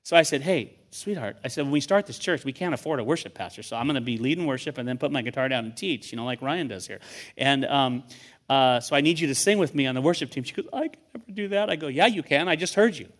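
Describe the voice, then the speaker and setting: A man's voice: mid-range voice, fast, a bit bright. An older man, a guest pastor, preaching to a church congregation in a conversational, storytelling way, often repeating words as he starts a thought. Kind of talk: sermon.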